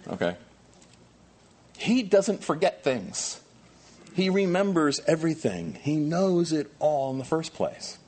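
Male pastor preaching; husky voice with a lively, swinging delivery. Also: fairly high pitch, slow pace, long pauses. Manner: animated, swings from quiet asides to loud emphatic questions. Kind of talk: sermon.

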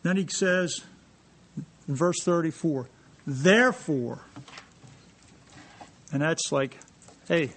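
A man preaches with a high, bright-sounding voice, moving between joking asides to his congregation and scripture read aloud. His delivery stays animated and conversational throughout the sermon. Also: takes it slowly, long pauses. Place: church sanctuary.

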